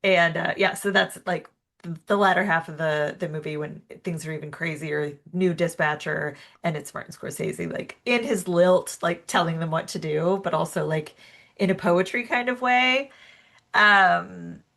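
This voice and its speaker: A young woman co-hosting a film podcast in casual chat, chatty with quick reactions. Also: on the low side, creaky, fairly bright tone. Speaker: podcast co-host.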